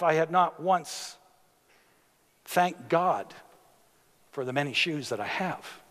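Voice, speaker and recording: A man preaching a sermon as a pastor, unhurried, with sudden emphatic rises in his voice. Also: fairly high pitch, animated, fairly bright tone, in a large hall.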